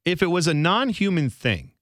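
Male radio co-host, rambling casual chat, lively bright voice, dry close mic. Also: on the high side, normal speed, no echo. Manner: rambling, self-deprecating, animated storyteller.

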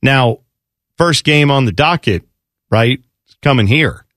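A man's voice: mid-range voice, slow, no room sound, studio quality. A man co-hosting a sports radio talk show, chatting casually and joking around in mock accents. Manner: animated, jokey, throws in mock accents.

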